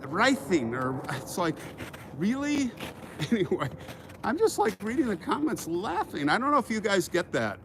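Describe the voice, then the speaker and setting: A man with a slightly high voice hosts a livestream on a walk outdoors, talking into a handheld phone. He rambles through a mock rant and keeps stopping to thank donors. Faint traffic hums in the background. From Kansas. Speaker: livestream host. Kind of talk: casual livestream chat while walking. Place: outdoors walking through a cemetery.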